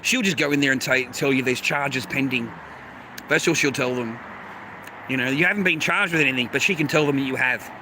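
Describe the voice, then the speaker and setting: A man's voice: mid-range voice, fairly quick, noisy background. A middle-aged Australian man on a livestream, talking in a blunt, profane, rambling way. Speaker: livestream host. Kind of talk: unscripted livestream rant.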